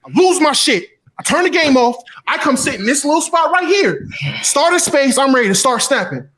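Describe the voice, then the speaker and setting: Animated man telling a mocking story. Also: extremely high pitch, moderate pace. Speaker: podcast co-host. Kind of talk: casual podcast storytelling rant.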